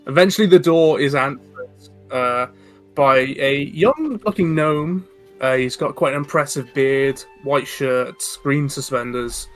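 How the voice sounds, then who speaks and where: A man's voice: medium pitch, unhurried, soft background music. A man narrating as dungeon master in a tabletop game, casual and a little stumbling, often laughing.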